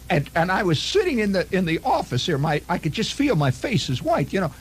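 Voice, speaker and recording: Lively, animated male radio storyteller. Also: sits high, a little fast, hardly any pauses, breathy edge. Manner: animated, conversational, chuckling asides. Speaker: radio host. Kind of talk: spontaneous storytelling monologue. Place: radio studio.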